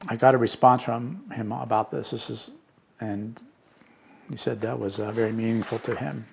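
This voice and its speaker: A middle-aged man reading out letters and reflecting, in a slow, halting way with fillers and restarts. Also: mid-range voice, fairly even intonation, vocal fry, slight background noise. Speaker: spiritual podcast host.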